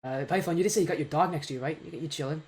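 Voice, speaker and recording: A man hosts and casts an esports match on a live stream, upbeat and joking at his own expense as he talks into a home mic on a voice call. His voice is fairly high-pitched with a darkish tone, and he races along.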